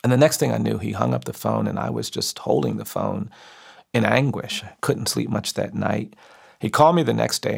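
A middle-aged lawyer telling a story slowly and earnestly, quoting the people in it. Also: male voice, fairly low pitch, sing-song, vocal fry, husky. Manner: slow, earnest storytelling with quoted voices. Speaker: civil rights lawyer. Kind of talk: storytelling speech.

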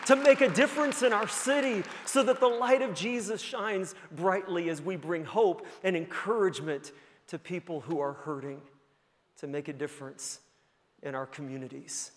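A pastor preaching a sermon and telling a story, earnest and building to emphatic peaks. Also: male voice, sits high, normal speed, fairly bright tone, some chatter behind. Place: church sanctuary. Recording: long church-hall reverb.

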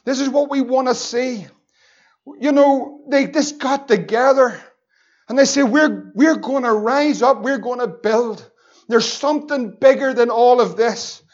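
Fervent Northern Irish pastor preaching. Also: male voice, extremely high pitch, a little slow. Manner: fervent preaching, building to shouts. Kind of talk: sermon. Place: church building. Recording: dull lo-fi church recording.

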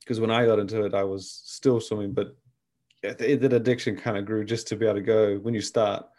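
Cast: male podcast host, fairly low voice, easygoing chat. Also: flat delivery, fairly quick, a little mellow. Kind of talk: casual chat.

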